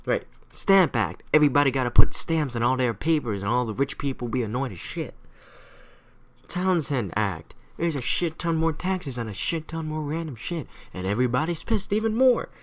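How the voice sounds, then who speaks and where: A man giving a casual, irreverent history recap, swearing freely and rambling off on tangents. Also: mid-range voice. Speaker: history explainer.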